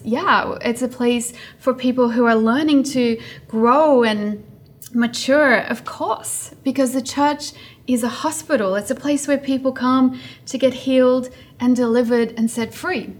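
A woman's voice: high-pitched, steady tone, unhurried. A woman preaching a sermon in an earnest way, building her points through repetition.

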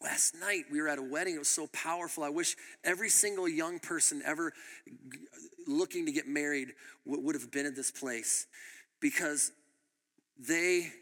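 Man preaching, bright sharp voice, animated storytelling, reverb of a church hall. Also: a little high, normal speed. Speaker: pastor. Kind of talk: sermon with storytelling.

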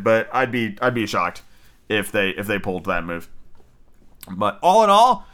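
A man's voice: a little high, bright, forceful tone. A young man hosting a casual solo podcast, chatty and freely swearing, often restarting his sentences. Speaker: podcast host.

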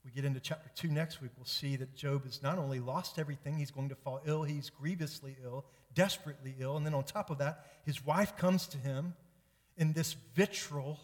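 A man's voice: on the high side, fairly quick. A man pastor preaching an earnest, emphatic sermon with repetitive build-ups. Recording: long church reverb.

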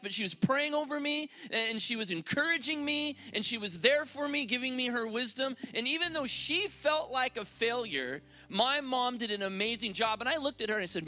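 Bright, high-voiced pastor preaching earnestly. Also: male voice. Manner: earnest, conversational, many restarts and fillers. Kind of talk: sermon. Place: church service.

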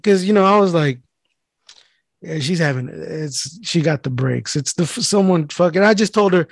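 A man tells a story in loose, casual chat, cursing often and jumping into the voices of the people he describes. His voice sits a little high. It is recorded close and dry, with no room sound. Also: animated, normal speed, gravelly, dry recording. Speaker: mail carrier telling a story.

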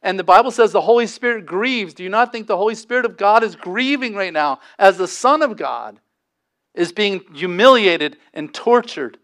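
A man preaching a sermon as pastor, impassioned, with dramatic pauses and sudden drops to a hush. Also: sits high, animated.

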